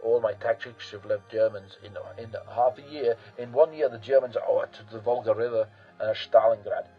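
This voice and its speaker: A man's voice: mid-range voice, fairly even intonation, normal speed, breathy edge, dull audio, soft background music, natural voice. A man voicing a crude, panicking male dictator handing over command, in a blunt, profane, casual way. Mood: desperate.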